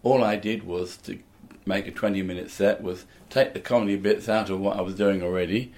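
A man's voice: deep voice, steady tone, fairly quick, a little mellow. Older man telling rambling stories. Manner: rambling, anecdotal storytelling. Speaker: guest comedian and musician. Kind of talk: casual interview chat.

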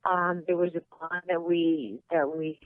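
Woman on a phone line, tinny and dry, a bit lower voice, chatty and out of breath. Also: steady tone, a little slow, no room sound. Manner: chatty, laughs easily, storytelling. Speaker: guest. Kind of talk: casual phone interview.

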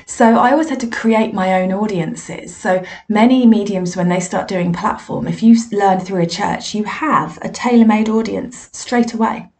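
A woman's voice: medium pitch, moderate pace, hardly any pauses, darkish tone. A woman with a mid-range voice speaks as a spiritualist medium, telling her own stories candidly and with some self-deprecation. Her delivery is reflective and conversational, like a personal monologue.

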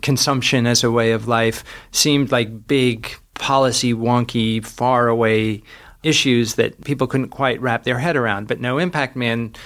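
A man's voice: mid-range voice, fairly even intonation, unhurried, fairly bright tone. A man, a guest author, reflecting on his experiences in an earnest conversational way, often restarting sentences and laughing as he tells stories.

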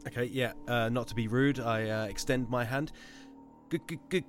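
A man's voice: medium pitch, fairly even intonation, moderate pace, faint music behind. A man speaking as a player in a tabletop game, stammering and repeating words. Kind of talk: in-character play.

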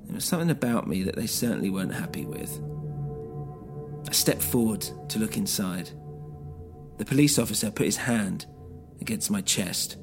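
A man narrating a story in the first person, measured and steady. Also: on the low side, creaky. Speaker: narrator and podcast host. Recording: music bed underneath.

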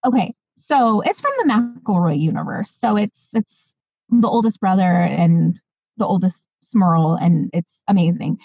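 A woman co-hosting a podcast in easy, excited chat, full of fillers and asides. Her voice is husky and breathy, and the sound is dry and a little muffled. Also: on the low side, unhurried, no room sound. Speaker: podcast co-host. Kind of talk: casual chat.

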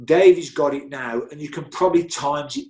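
A man's voice: fairly high pitch, moderate pace, mellow. A middle-aged man, speaking as an interview guest. He spins long, easygoing anecdotes, often circling back with restarts and filler phrases. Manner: chatty, rambling, many "you know"s and restarts. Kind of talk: anecdotal storytelling.

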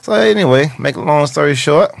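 A man's voice: fairly high pitch, lively intonation, brisk, gravelly, no echo. A middle-aged man with a Miami accent, talking as a podcast guest in a slurred, laid-back drawl full of street slang. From Miami, USA. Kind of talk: casual chat.

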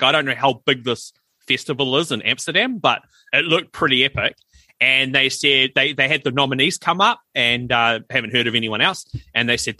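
Bright-voiced New man telling stories. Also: medium pitch, no room sound. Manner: animated storyteller, acts out quoted voices. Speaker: podcast co-host. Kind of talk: casual chat.

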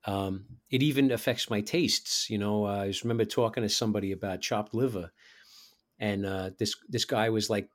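A man's voice: fairly low pitch, normal speed. A man from New York with a borough accent, chatting casually as a musician and mimicking people in his stories. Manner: animated storyteller who mimics people he knew. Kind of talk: casual chat.

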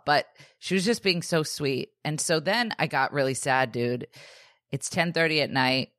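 A woman in her thirties, a podcast co-host, telling a story in casual chat, animated and acting out the voices of the people she quotes, with lots of "like" and "dude". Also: deep voice, normal speed, dry recording, studio quality.

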